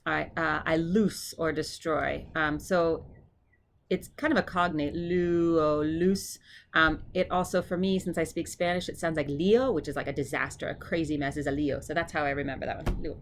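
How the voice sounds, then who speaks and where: A woman tutoring her classmates, casually explaining each word and then repeating it slowly and clearly. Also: sits low, steady tone, slight background noise. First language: English. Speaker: seminary student tutoring classmates. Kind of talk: informal pronunciation drill.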